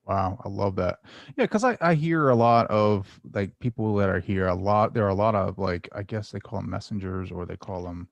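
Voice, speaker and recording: A low, gravelly man rambling through casual spiritual chat with lots of restarts. His voice sits dry and close to the mic. He picks up energy when he tells a story. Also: moderate pace, dry recording, dull audio. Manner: rambling, full of restarts and fillers, animated when telling a story. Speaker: guest.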